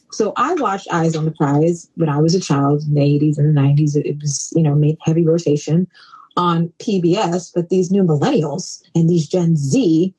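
Brief: playful woman guest in her forties, husky, low-pitched, animated. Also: rough recording. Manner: playful, animated, jumps into high exclamations. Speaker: guest diversity consultant. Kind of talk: casual podcast chat. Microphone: call-in app.

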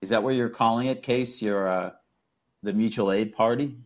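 A man's voice: on the low side, moderate pace, highs cut off. A man from the Boston area with a Boston accent, chatting casually as a caller on a podcast and rambling with frequent restarts. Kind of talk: casual call-in podcast chat.

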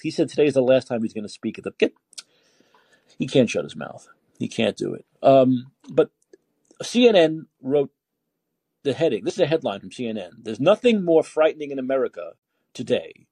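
A call-in podcast host rants with indignation, firing off rhetorical questions and repeating words as he gets heated. His medium-pitched voice is warm and husky, recorded dry.

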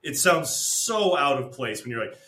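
Animated ranting podcast co-host man. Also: fairly high pitch, normal speed, reverberant. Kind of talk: casual chat.

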